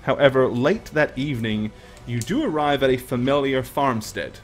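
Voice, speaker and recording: A man running a tabletop game, describing scenes in an unhurried, halting way. He pauses on ums and restarts often. Mid-pitched, easy tone. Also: faint music behind. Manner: relaxed, hesitant with many ums. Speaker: game master.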